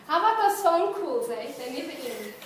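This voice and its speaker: Lively woman preacher, high voice, quizzing the congregation, recorded from far off in an echoey church hall. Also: a little fast. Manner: playful, asks the congregation questions, laughs often. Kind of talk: interactive sermon. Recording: echoey hall, distant mic, background hiss.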